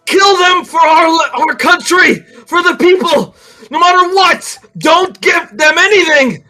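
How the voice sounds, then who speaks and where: A game master voicing a muscle-headed, honorable male warrior who shouts defiance. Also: very high-pitched, a little slow, faint music behind, pitched above the performer's own voice, heavily acted. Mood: defiant.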